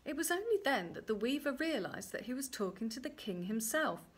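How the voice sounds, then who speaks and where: A woman storyteller reading a traditional fairy tale aloud in a gently expressive way. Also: high-pitched, brisk, slightly rough.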